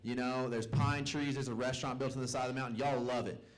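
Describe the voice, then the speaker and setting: A man's voice: mid-range voice, steady tone, fast, rough recording. A young man doing a stand-up set in a comedy club, telling family stories and acting out his relatives' voices. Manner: Southern-tinged storytelling, acts out family members' voices. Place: comedy club stage with live audience.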